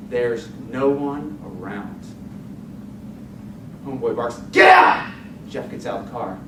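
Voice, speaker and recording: A man giving a dramatic storytelling speech at a contest, telling it with vivid, expressive delivery. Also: medium pitch. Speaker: contest speaker. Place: contest hall stage. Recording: echoey hall, distant mic, noisy.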